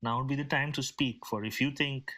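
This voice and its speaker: A man's voice: medium pitch, steady tone, pushed and bright. A man playing a formal, loyal desert envoy. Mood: solemn. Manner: formal, measured and solemn.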